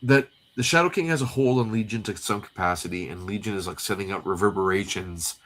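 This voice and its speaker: A man's voice: fairly low pitch, a little fast, a bit bright. A man co-hosting a casual comic read-through livestream, recapping the plot in a rambling way with many fillers. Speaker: co-host.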